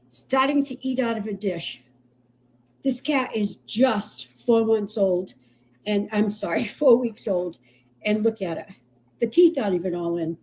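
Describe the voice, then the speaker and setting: A woman animal rescuer giving video updates on a sick kitten, animated and cooing at it in baby talk, recorded indoors on a phone. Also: mid-range voice, a little slow, slight background noise.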